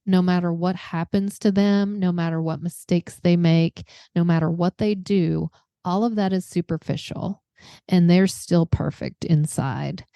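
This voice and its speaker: A woman hosting a podcast interview, talking in an earnest, reflective way in short measured phrases. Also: on the low side, vocal fry, mellow, dry recording. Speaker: podcast host.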